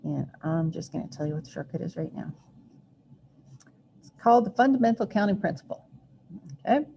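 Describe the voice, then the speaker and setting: Woman math teacher talking thru a video lesson, lowish gravelly voice, chatty, kinda muffled recording w faint hiss. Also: lively intonation, fairly quick, dark tone. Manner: chatty, self-deprecating, thinks aloud while drawing.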